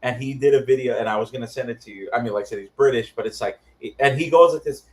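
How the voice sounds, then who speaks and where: A man speaking as the guest in a casual chat, playful and quick to laugh. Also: mid-range voice.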